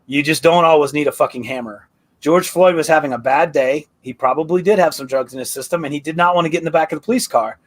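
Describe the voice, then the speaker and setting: A man's voice: a little high, fast talker. A man on a casual live panel talk who argues emphatically and drives his points home by repeating them. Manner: emphatic, hammering repetition.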